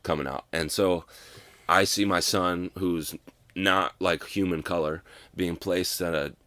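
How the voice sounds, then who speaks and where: A young man in his twenties telling a long personal story in casual conversation, filling every pause with "like" and swearing freely. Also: low voice, fairly even intonation, sharp tone, no echo. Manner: rambling, fills with "like", profane. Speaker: guest.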